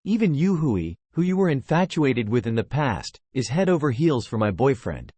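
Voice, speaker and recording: A cold, provocative young woman in a fantasy novel, read by a synthetic male voice, her pitch moving lively. The sound is dry and close, and she mocks as she speaks. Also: moderate pace, breathy edge, no echo. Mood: sneering. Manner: mocking, provocative. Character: cold sneering young woman taunting a rival.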